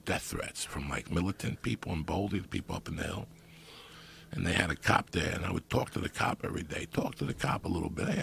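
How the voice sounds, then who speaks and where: A middle-aged man telling stories in casual podcast talk, profane and animated. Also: sits low, gravelly, a little hiss or hum. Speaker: guest storyteller.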